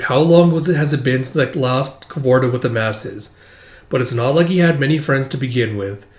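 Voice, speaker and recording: Rambling man recapping a manga. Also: mid-range voice. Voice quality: rambling, swears, lots of likes and uhs. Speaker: manga reader and commentator. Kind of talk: casual chat recapping a manga. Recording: roomy echo.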